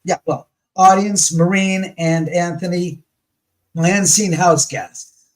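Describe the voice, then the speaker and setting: A man guest on a live talk show, telling a story in a lively way, acting out his past arguments and swearing freely. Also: high-pitched, slow, poor audio. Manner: animated, acts out his own past arguments.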